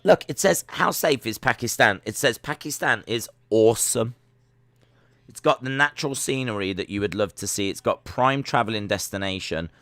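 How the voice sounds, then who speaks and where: A man's voice: mid-range voice, normal speed, a bit bright, no room sound. A man hosting a casual live watch-along stream, chatting and reading search results and chat messages aloud.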